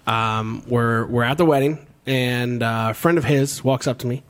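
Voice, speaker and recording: A man's voice: mid-range voice, steady tone, moderate pace, slight background noise. A young man hosting a podcast, telling a long story in a rambling way, swearing freely and laughing as he talks. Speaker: podcast host. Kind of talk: casual storytelling chat.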